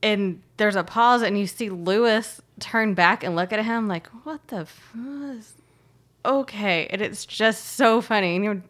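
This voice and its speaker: A woman's voice: mid-range voice, normal speed, few pauses. Giggly woman, podcast co-host. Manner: giggly, animated storytelling. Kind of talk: casual chat.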